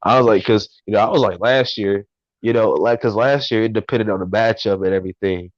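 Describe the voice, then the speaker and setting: A man with a low voice who rambles through his points with stops and restarts. His sound is dull and lo-fi, as if it came over a remote line, and dry. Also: no echo. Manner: rambling and halting, laughing often. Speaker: co-host. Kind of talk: casual sports talk.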